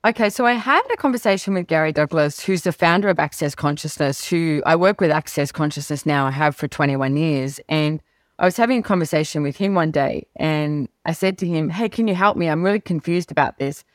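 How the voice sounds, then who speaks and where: A middle-aged woman guest on an interview show, telling stories and acting out past conversations with big jumps in pitch. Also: fairly quick, no echo, studio quality. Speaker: guest, business author. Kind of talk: animated storytelling interview talk.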